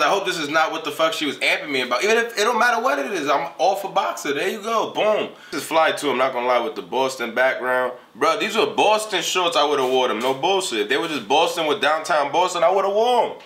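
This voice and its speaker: Young male vlogger, bright tense tone, profane and animated, unboxing on camera. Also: fairly high pitch. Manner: animated, profane, swings from griping to hyped. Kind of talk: casual unboxing vlog.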